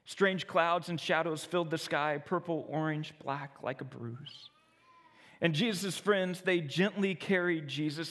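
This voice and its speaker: A man narrating a children's storybook, expressive and dramatic, slowing for solemn moments, with long reverb. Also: high voice.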